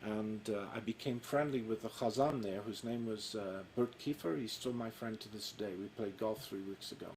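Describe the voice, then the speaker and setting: A man's voice: fairly low pitch, moderate pace, few pauses, rough recording. A man in his sixties, a cantor, telling his life story in a casual interview and acting out the dialogue. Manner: warm storyteller, acts out quoted dialogue. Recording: faint background noise.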